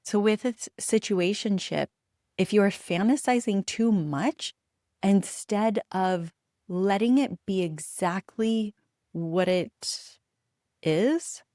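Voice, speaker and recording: A woman's voice: medium pitch, mellow, no room sound, clean studio sound. A woman from the United States hosting a solo podcast, telling personal stories in a candid, emphatic way and swearing freely. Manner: reflective storytelling with frequent pauses. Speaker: podcast host.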